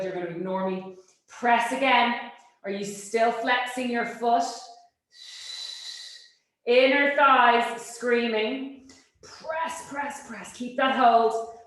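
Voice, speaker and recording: A woman teaching a Pilates class, giving brisk, encouraging cues and checking in with a quick "yes?". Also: mid-range voice. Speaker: Pilates instructor. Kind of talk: cueing an exercise class. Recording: very echoey room.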